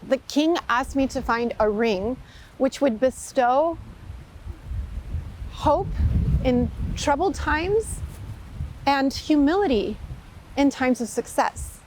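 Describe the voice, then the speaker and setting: A woman's voice: high voice, animated, slow, pauses often, darkish tone, a little hiss or hum, rough recording. A woman voicing a humble, anxious male servant who speaks earnestly and apologetically.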